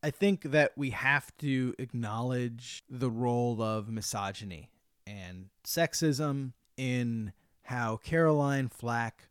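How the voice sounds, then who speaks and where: A man co-hosting a podcast in casual chat, often trailing off quietly and hedging his points. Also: medium pitch, no echo, clean studio sound. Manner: trails off softly, hedging with "I think". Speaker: podcast co-host.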